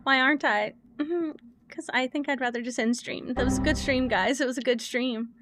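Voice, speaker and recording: Woman streamer, higher voice, flustered and jokey, chatting to viewers at her desk mic. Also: normal speed, a bit bright, slight background noise. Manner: flustered and joking, swears, talks to chat. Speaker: livestreamer. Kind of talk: casual live-stream chat.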